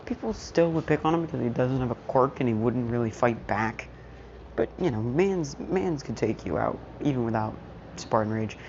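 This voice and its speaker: Over a muffled, lo-fi mic with constant background noise, a woman recounts a fan story at normal speed. Her voice is very deep, and her telling is slangy, self-mocking and prone to losing the thread.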